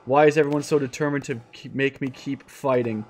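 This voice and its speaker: A man's voice: medium pitch, steady tone, fairly quick, a little mellow, natural voice. A man voicing a despairing young man trapped at war. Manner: pleading, self-pitying, repetitive. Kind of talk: reading a visual novel aloud.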